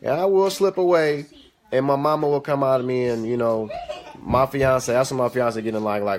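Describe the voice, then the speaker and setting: A man's voice: mid-range voice, normal speed, slight background noise. A young man hosting a casual live stream from home, giving parenting advice and scolding his kids now and then. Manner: animated, stern with kids between advice. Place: home kitchen. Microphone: phone or webcam.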